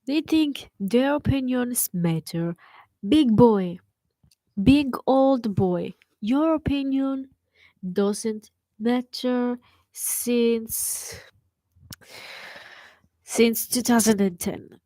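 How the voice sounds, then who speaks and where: A woman's voice: a little high, drawn-out words, pauses often, dark tone, no room sound, poor audio. Blunt, profane young woman ranting. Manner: blunt, profane and scornful, with emphatic repetition. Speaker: podcast host. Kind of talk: solo podcast rant. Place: bedroom with an open window.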